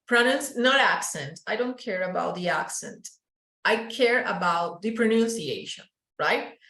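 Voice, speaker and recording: A woman's voice: mid-range voice, lively intonation, fairly bright tone. Colombian woman teaching English in a roomy space. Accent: Colombian Paisa Spanish. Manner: explains slowly, switching into Spanish, modelling sounds. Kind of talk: online English class.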